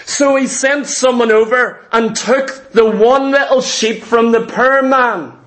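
Slow, high-voiced preacher man. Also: fairly bright tone. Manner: slow, dramatic storytelling preaching; acts out biblical figures' speech. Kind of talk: sermon.

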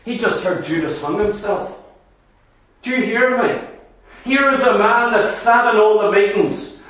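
A man's voice: high voice, measured pace, fairly bright tone, distant mic. A man preaching a sermon, earnestly putting questions to the congregation. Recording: echoey hall, voice away from the mic.

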